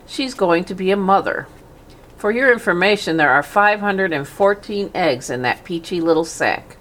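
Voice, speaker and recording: A woman's voice: on the low side, animated, moderate pace, a bit bright. A woman voicing an earnest young male pig, eager and a little proud.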